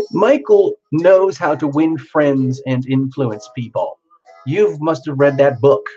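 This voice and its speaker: A man's voice: fairly high pitch, mellow. A man hosting a live tarot stream, greeting viewers by name in a teasing, chatty way. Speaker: tarot livestream host. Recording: dull lo-fi sound with music behind.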